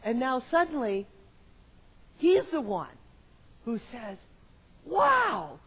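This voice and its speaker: A male pastor giving a sermon to his congregation in a church, moving from quiet reflection to loud emphatic exclamations and repeating phrases in rhythmic lists. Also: very high voice, expressive, slow pace, slightly rough, low-quality recording. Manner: addresses the congregation directly with questions. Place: church sanctuary.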